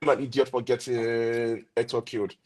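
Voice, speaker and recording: A man's voice: mid-range voice, little pitch movement, moderate pace, darkish tone, soft background music, rough recording. Agreeable man explaining his view. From Nigeria. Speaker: podcast co-host. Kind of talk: casual chat.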